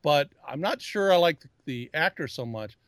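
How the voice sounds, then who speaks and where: A man's voice: a little high, lively intonation, normal speed, no echo, studio quality. A man co-hosting a casual pop-culture chat, rambling and often restarting his sentences as he calls himself a geek. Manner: self-described geek. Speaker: podcast co-host.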